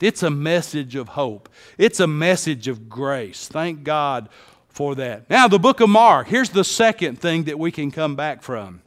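High-voiced preacher in a reverberant hall. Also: male voice. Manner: dramatic, swings from hushed to shouting. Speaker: pastor. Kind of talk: sermon.

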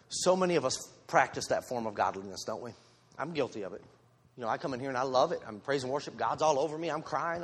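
Through a handheld microphone, a lay preacher addresses his congregation in an informal, self-deprecating sermon sprinkled with joking asides and candor. He talks fast in a medium-pitched, slightly bright voice, with slight background noise and long hall reverb in the church sanctuary.

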